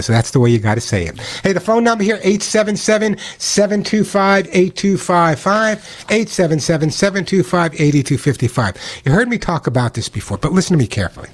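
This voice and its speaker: A middle-aged man with a New York accent, hosting a call-in radio show with animated, chatty advice and ad reads. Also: fairly high pitch. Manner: animated, fast-talking, chatty.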